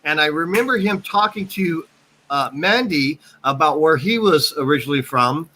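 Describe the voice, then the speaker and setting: An American man chatting casually on a live stream, halting and often restarting his sentences. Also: fairly high pitch, expressive, pushed and bright. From United States. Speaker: chat guest.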